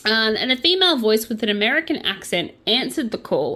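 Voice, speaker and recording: A woman's voice: medium pitch, animated, brisk, creaky, sharp tone. A woman chatting casually about scam stories while crocheting, with playful, jokey asides. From Australia. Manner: playful, jokey asides, breaks into mock accents. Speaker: vlogger. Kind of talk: casual true-crime chat while crocheting.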